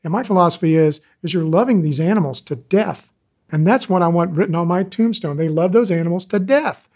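A man in his sixties, an animal rescuer telling stories in an interview, animated and folksy. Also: high voice, fairly quick. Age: 60s. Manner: animated, folksy storyteller, acts out quoted callers. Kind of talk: interview talk, storytelling.

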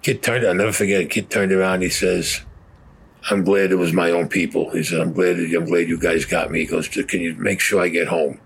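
Blunt older man, deep voice. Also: steady tone, moderate pace, creaky, slightly rough. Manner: blunt, profane, gritty storytelling, acting out dialogue. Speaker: war veteran telling his story. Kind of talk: spoken personal war story.

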